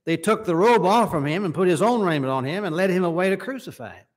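A man's voice: high-pitched, lively intonation, fast talker. A man preaching a sermon in a church service, reading scripture passages aloud and asking the congregation questions. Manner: reads scripture aloud in King James wording, asks the hearers questions.

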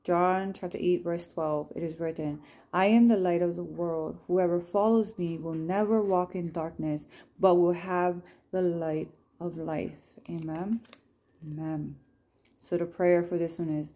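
A woman chatting gently through scripture cards at home, reading verses and prayers aloud and apologizing with a laugh. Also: lowish voice, steady tone, a little slow. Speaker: Christian vlogger sharing scripture cards. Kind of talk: casual devotional chat with read-aloud scripture and prayers.

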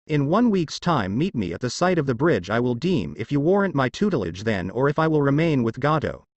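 A man reading a stern swordsman who weighs a new student, formal and measured, near his own voice. Dry and close. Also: mid-range voice, big pitch swings, dry recording, dull audio. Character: stern older male swordsman mentor.

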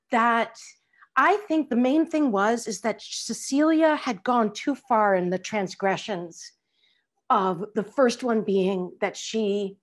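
A middle-aged woman talking casually on a video call as an interview guest, animated and acting out quoted lines. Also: medium pitch. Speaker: actress guest.

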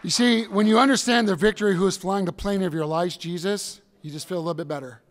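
A man preaching as pastor with a high-pitched voice, swinging between quiet asides and emphatic shouts as he acts out stories. His voice rings through a hall with a long reverb. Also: fast, a faint crowd. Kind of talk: sermon.

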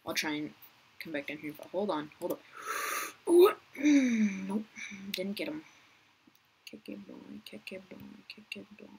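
A young woman giving casual gameplay commentary, chatty and talking to viewers and other players, her voice rough as she keeps clearing her throat. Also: medium pitch, big pitch swings, a little slow, long pauses, darkish tone, rough recording. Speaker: gaming youtuber.

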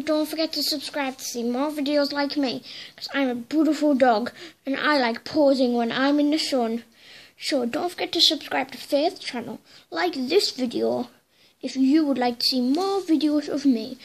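A vain pet dog, voiced by a woman, brags about how beautiful it is. The voice is high and drowsy. It sounds ready to curl up and sleep. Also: moderate pace. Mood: vain, sleepy. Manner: boastful, drowsy. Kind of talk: vlog sign-off in a pet's voice.

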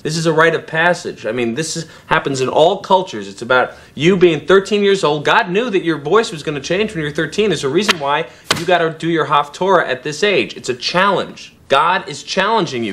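Brash rabbi giving a tough-love pep talk, mid-high voice. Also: male voice, lively intonation, a little fast, few pauses, a bit bright. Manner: blunt, coaxing pep talk. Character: blunt, pep-talking young rabbi tutor.

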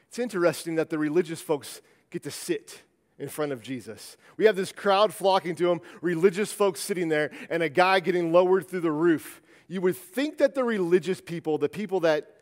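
A pastor with a somewhat high, expressive voice preaches at a normal pace in a church sanctuary. His style is conversational, and he often restarts sentences and repeats words. A long reverb from the church hall fills the recording.

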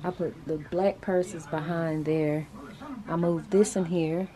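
A woman's voice: deep voice, fairly even intonation, takes it slowly, crowd noise. A woman hosting her own vlog, chatting casually and informally to the camera as she goes about her day. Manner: chatty, informal, Southern-style slang. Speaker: vlog host.

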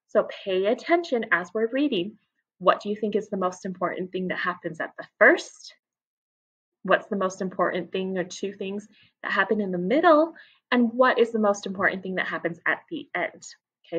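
A woman teacher reading a picture book aloud to her class, expressive and stopping to ask questions. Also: medium pitch, slightly rough, lo-fi sound. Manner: expressive, asks listeners questions.

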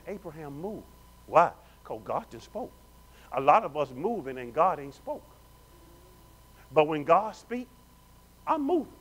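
A male pastor with a high voice and a very lively, sweeping pitch. He preaches with call-and-response, urging the congregation on as family. His volume dips from loud declarations to near-whispered asides. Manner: swings between loud declarations and hushed, low asides. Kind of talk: sermon. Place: church sanctuary.

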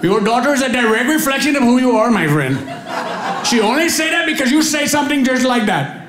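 A man voicing an upset middle-aged man with an Indian accent, scolding loudly in a stand-up bit. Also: very high voice, very animated, brisk, roomy sound, noisy background, pitched above the performer's own voice. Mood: indignant. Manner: indignant, scolding, loud.

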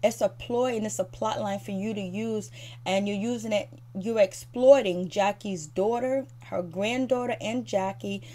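A woman rants through a reality show recap, addressing the cast directly in a fired-up, critical way. Her voice sits at an ordinary middle pitch for a woman. She keeps circling back with casual fillers. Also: unhurried, warm tone. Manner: repeats fillers like "so anyways" and "you know". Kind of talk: ranting recap commentary.

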